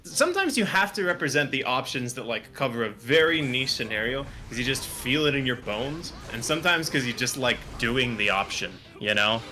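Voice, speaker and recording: Bright, animated male esports caster. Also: mid-range voice, a little hiss or hum. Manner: excitable, joking, rapid technical call-outs. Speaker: fighting game commentator. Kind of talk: esports play-by-play commentary. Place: home setup, online broadcast.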